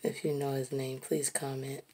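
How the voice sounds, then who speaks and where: A woman musing aloud while she draws, slow and reflective, sometimes dropping to a soft whisper. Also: very deep voice, level tone, husky. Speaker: artist narrating while drawing. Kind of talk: reflective casual monologue.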